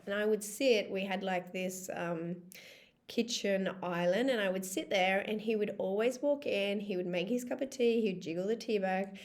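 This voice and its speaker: A woman in her thirties coaching her viewers in a relaxed vlog monologue. She sounds chatty and emphatic, with a middle-pitched voice, and she swears casually to drive a point home. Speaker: life coach.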